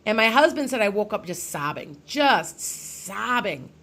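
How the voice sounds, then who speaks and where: A woman's voice: mid-range voice, very animated, brisk, fairly bright tone. A middle-aged woman, a psychic medium, telling a personal ghost story to her followers in a casual, rambling way with many restarts.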